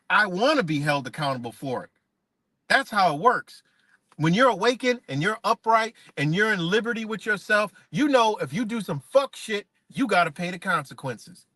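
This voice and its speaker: Heated high-voiced man ranting. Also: lively intonation, normal speed, bright, forceful tone, dry recording. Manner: heated, profane, repetitive, rhetorical questions. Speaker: livestreamer. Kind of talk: unscripted live-stream rant.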